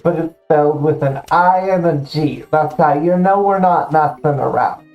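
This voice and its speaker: A woman's voice: deep voice, moderate pace, highs cut off, faint music behind. A woman streaming a game with a friend, chatting casually and riffing playfully on silly made-up characters. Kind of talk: casual gaming chat with improv bits.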